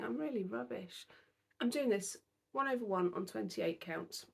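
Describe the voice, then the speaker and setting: A woman's voice: mid-range voice, animated, normal speed, creaky, husky. A tired young British woman vlogging about her cross-stitch, chatty and self-deprecating. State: tired, yawning. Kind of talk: casual chat to camera.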